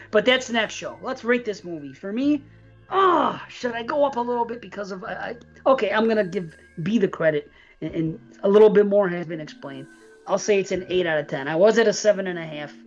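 A podcast co-host reviewing a horror film in casual, animated chat, cursing and laughing often. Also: mid-range voice, brisk, dull audio, faint music behind.

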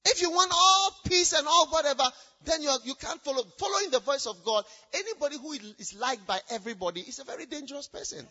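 A man preaching a sermon in a church, shouting out points and then dropping low. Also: lively intonation, quick pace, few pauses, lo-fi sound. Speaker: pastor.

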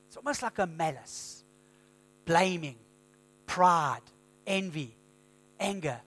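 A man preaching a sermon as pastor, in a conversational storytelling manner with lively quoted asides. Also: high voice, unhurried, long pauses. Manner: conversational storytelling, animated quoting.

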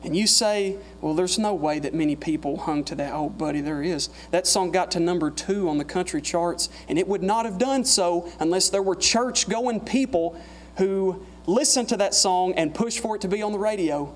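A man preaching a sermon in a church, repeating his phrases and climbing higher and louder as he presses his points. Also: normal speed. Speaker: guest preacher.

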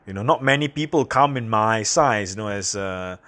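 A man from Singapore, hosting a podcast and telling personal stories in a candid, halting, self-deprecating way. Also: on the low side, expressive, fairly bright tone. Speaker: podcast host. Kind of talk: casual personal monologue.

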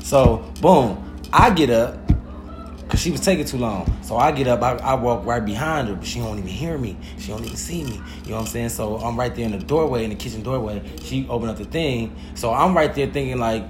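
A man's voice: medium pitch, animated, a little fast, roomy sound, over music. A man co-hosting an online radio show, telling a story in a laid-back way and often saying "you know what I'm saying". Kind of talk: casual storytelling chat.

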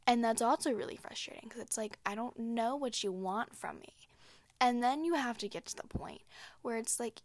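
A woman's voice: a little high, fairly quick, no echo. Frank, profane young woman venting. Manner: candid, profane and emphatic, with frequent "like" fillers. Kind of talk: casual solo talk.

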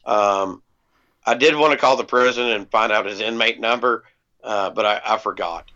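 A man's voice: lowish voice, normal speed, sharp tone. A man casually telling a long personal story on a podcast, laid-back, with plenty of ums and freely dropped swear words. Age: adult parent. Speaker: podcast co-host. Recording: dull lo-fi podcast audio.

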